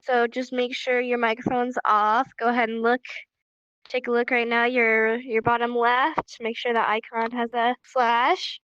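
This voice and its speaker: A fairly high-voiced woman sounding stuffed up from allergies, patiently calling out names and giving casual instructions to a live virtual class. The recording is dry and muffled, with a dull lo-fi sound. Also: little pitch movement, a little slow, fairly bright tone, smooth, no echo. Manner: friendly, patient, calls out names one by one.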